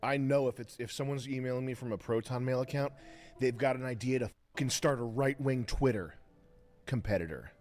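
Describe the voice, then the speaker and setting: A man's voice: mid-range voice, a little fast, darkish tone, faint music behind. A man co-hosting a casual chat, laid-back and swearing offhand. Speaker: podcast co-host.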